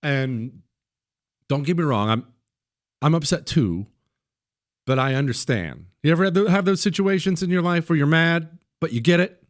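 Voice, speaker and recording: A man's voice: fairly high pitch, normal speed, long pauses. A man hosting a talk radio show, delivering a conversational monologue and repeating points for emphasis.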